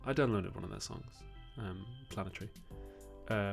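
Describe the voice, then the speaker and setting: A man's voice: fairly low pitch, normal speed, gravelly, faint music behind. Rambling, chatty man. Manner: rambling, chatty, laughs often. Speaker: host. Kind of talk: livestream chat, reading viewer questions.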